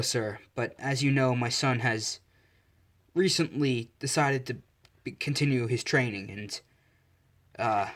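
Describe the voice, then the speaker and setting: A man voicing a muscular adult male hero and protective father, earnest and forceful. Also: medium pitch, natural voice.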